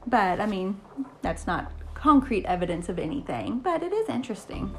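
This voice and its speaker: A woman co-hosting a podcast, reading a scripted outro and chatting, quick to tease and laugh. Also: medium pitch, sing-song, a bit bright, slight background noise. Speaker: podcast co-host. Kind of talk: podcast chat and scripted narration.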